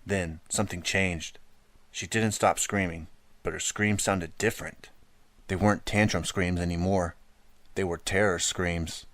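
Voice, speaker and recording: A man narrating an audiobook in a steady first-person storytelling manner, close to the mic. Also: low voice, unhurried, no echo. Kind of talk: scripted narration.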